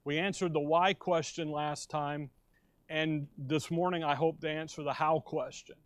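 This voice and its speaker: A man's voice: a little high, steady tone, measured pace, dry recording. An American man preaching a sermon in a conversational way, restarting phrases and stressing key words. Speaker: pastor. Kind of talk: expository sermon.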